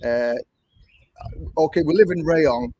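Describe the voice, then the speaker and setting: A man's voice: on the high side, slow, dark tone, slightly rough, dry recording, poor audio. An older man with an English accent, telling a long story in a chatty, repetitive way while hosting a livestream. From England. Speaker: livestream host.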